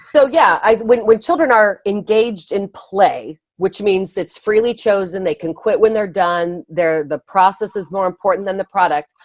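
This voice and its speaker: A woman guest, an early education speaker and author, explaining her ideas in a conversational interview with quick laughs and restarts. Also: medium pitch, no echo.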